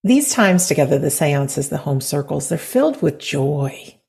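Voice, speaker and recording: A woman's voice: sits low, very animated, unhurried, creaky, darkish tone. A woman hosting a podcast interview, talking in an effusive, enthusiastic way. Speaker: podcast host.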